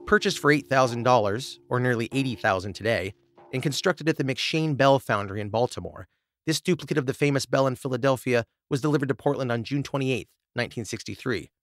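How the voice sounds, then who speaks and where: Podcast host, male, reads scripted notes, mid-pitched voice, dry close sound. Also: fairly quick, dry recording. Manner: reads researched notes, then stumbles and laughs in asides. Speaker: podcast host reading the story. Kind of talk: scripted narration with casual asides.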